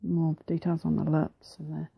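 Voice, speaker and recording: A woman with a New Zealand accent narrating her craft process over a time-lapse, soft-spoken and relaxed, often slipping into a whisper, a little self-deprecating. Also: low-pitched, normal speed, vocal fry, slightly rough, no echo, poor audio. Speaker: mixed media artist.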